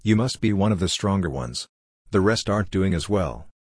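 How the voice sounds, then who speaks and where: A man voicing a menacing fellow sleeper who speaks in a low, brooding way. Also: lively intonation, moderate pace, a little mellow, slightly rough, no echo, studio quality.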